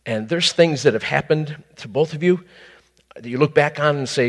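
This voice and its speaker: A man ministering to a couple in a conversational, animated preaching style, with sudden high exclamations. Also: moderate pace, in a large hall.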